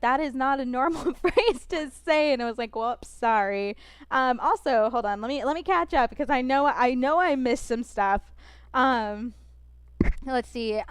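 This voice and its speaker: A young woman streaming a game, talking fast and expressively, rambling with lots of fillers and restarts. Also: high-pitched, smooth, no echo. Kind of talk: casual chat while gaming.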